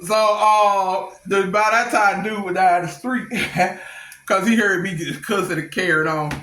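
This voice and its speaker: Blunt, animated woman telling stories. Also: mid-range voice, slight background noise. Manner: animated and blunt, slangy, quick to laugh. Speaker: vlogger. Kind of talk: casual storytelling. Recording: echoey room.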